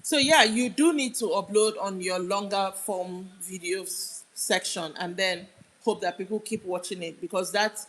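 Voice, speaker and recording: Over a rough recording, a young Nigerian woman with a Nigerian accent hosts an easygoing livestream, talking through viewer comments and answering them aloud. Her medium-pitched voice is a little slow and fairly bright, and her sentences often drift off unfinished.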